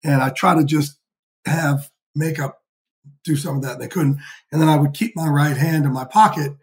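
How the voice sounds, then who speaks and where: A man in his fifties, a podcast guest telling lively, profane stories in a casual interview. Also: fairly high pitch, normal speed. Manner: energetic, profane, animated storyteller. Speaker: podcast guest, sports insider.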